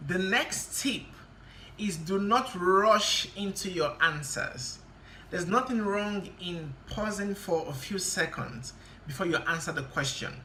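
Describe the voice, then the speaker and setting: An exam-prep tutor giving a spoken lesson to camera, speaking deliberately and stressing key words while laying out tips step by step. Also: medium pitch, animated, bright, forceful tone, a little hiss or hum. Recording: roomy echo.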